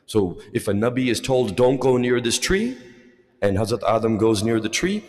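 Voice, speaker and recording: A man giving a religious lecture, telling stories and voicing the quoted lines in a higher pitch. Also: expressive, normal speed. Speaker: majlis lecturer. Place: religious centre hall. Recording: long hall reverb.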